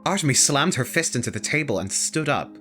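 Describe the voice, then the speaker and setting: A reader narrating a visual novel in a steady, dramatic storybook manner. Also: medium pitch, a little fast, music in the background.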